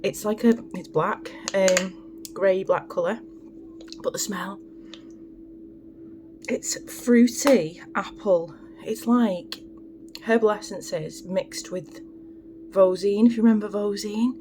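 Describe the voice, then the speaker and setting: A woman's voice: mid-range voice, slow, background noise. Chatty woman rambling through her skincare. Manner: rambling, chatty, self-deprecating asides. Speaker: beauty vlogger. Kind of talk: casual chatty skincare vlog.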